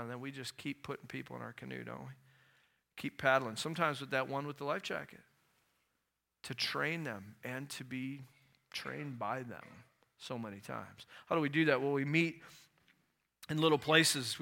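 Male pastor, sermon, bright forceful voice, animated, quizzes the crowd. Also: medium pitch, normal speed, gravelly. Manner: animated, asks the audience questions, acts out stories.

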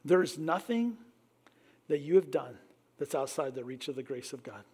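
A middle-aged man with a notably high-pitched voice delivers a sermon. He preaches with emphatic swells, then falls to a hushed tone. He keeps calling his listeners back with a repeated "listen.". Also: lively intonation, normal speed, breathy edge. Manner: repeats "listen" to address the congregation. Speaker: pastor.

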